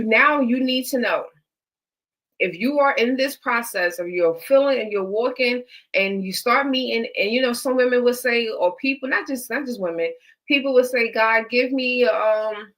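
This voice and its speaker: A woman's voice: a little high, a bit bright, rough recording. A woman hosting a live stream, giving faith-based, motivational dating advice with an emphatic, repetitive, preacher-like cadence and features.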